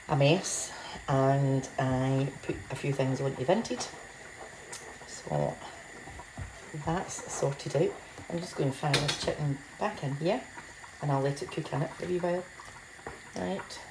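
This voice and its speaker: A woman's voice: sits low, noisy background. A woman chatting casually and rambling while she cooks at home, laughing at herself. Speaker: home cook. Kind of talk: casual cooking vlog. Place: home kitchen. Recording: echoey kitchen with clattering pans.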